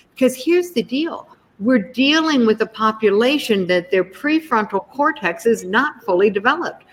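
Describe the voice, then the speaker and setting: A woman's voice: medium pitch, fairly bright tone, big-room sound, poor audio. A woman appearing as a guest author, speaking in an emphatic, explanatory way and stressing her key points. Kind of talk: conversational advice.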